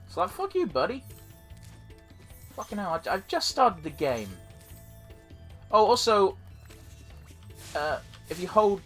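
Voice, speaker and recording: A man's voice: a little high, fairly bright tone. A man hosting a let's play, giving rambling, profane, self-deprecating commentary while he plays. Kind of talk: casual gameplay commentary.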